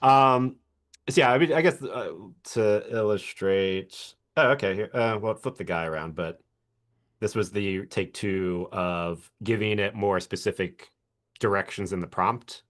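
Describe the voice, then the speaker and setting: A man walking through a software demo on a live stream, relaxed and chatty, laughing often. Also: on the low side, measured pace. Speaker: guest video creator.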